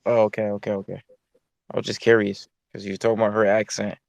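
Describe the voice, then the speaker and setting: A man's voice: lowish voice, little pitch movement, quick pace, creaky, no echo. Laid-back joking male caller. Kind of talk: casual call-in banter.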